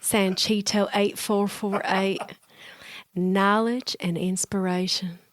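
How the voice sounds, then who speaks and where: A woman putting on a Southern US drawl to read a listener review aloud, slow and drawn out. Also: mid-range voice, level tone, no room sound, studio quality, lightly acted. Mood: earnest drawl. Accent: put-on Southern US drawl.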